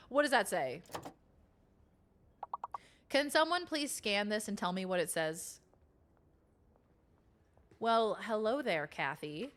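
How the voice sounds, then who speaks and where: A woman streaming a video game, reacting to it in excitable, profane casual chat. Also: medium pitch, slow, pauses often, a little hiss or hum. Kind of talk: casual live-stream chat while gaming.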